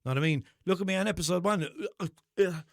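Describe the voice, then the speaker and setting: Young Limerick man, high-pitched, dry close sound, rambling sweary podcast host. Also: fast, vocal fry, no echo. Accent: Limerick Irish. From Ireland. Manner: rambling, sweary, self-mocking storytelling with put-on voices. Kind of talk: casual solo podcast monologue.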